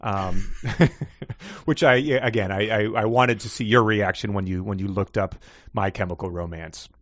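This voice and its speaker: A man's voice: lowish voice, moderate pace, no echo. Chatty man with a dry, close sound. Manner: rambling, laughs often, many restarts. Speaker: podcast co-host. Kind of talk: casual book-club chat.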